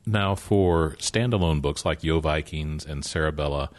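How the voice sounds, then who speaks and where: A man's voice: rumbling low, normal speed. A man interviewing an author, asking friendly questions and laughing along.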